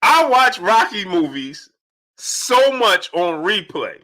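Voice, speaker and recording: A man with a high voice hosts a casual live stream, greeting chat viewers by name one after another. He's animated and speaks rapid-fire.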